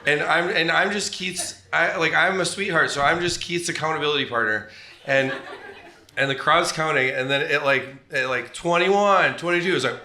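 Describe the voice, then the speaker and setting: A man's voice: fairly high pitch, normal speed, reverberant, background noise. A man telling a long, rambling comedy story in casual chat, laughing often and acting out other people's lines. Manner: rambling, animated, laughing often, acts out quoted voices.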